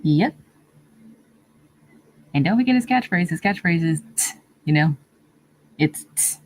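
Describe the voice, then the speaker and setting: A woman hosting a casual livestream, answering viewer comments in a meandering, easygoing way with frequent pauses. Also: lowish voice, lively intonation, darkish tone, slight background noise, rough recording. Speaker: livestream host. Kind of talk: casual live-stream chat, reading viewer comments.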